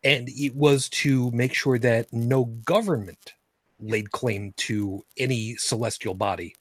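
A man hosting a live-streamed space discussion show, rambling and halting with many fillers and restarts. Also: medium pitch, steady tone, breathy edge, dry recording. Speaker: podcast host.

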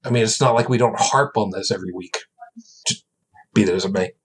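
A man's voice: fairly low pitch, brisk, husky. A man hosting a live podcast, talking in a rambling, jokey way. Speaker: host. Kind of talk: casual live podcast chat.

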